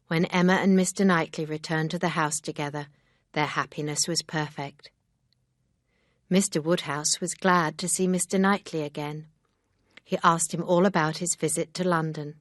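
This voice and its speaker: A woman narrating a graded-reader audiobook in a calm, steady reading voice. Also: sits low, no echo, studio quality.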